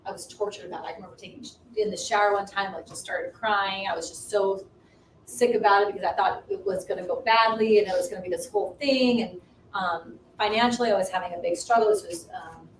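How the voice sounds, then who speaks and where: A woman co-hosting a ministry livestream, earnestly telling a personal faith story with many restarts. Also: mid-range voice. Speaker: ministry co-host. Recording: roomy distant livestream audio, faint noise.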